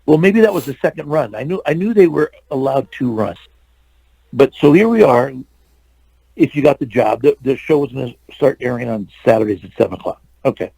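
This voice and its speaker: An older man, an actor and stuntman, telling lively anecdotes as a guest in an interview. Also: medium pitch, a little fast, vocal fry, no room sound, rough recording. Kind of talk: storytelling interview.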